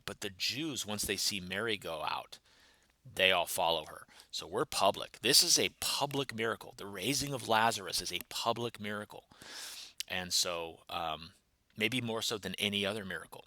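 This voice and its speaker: A man's voice: on the low side, moderate pace, pushed and bright, no echo. A man, a pastor, thinking aloud through a Bible passage, musing and explaining its grammar step by step.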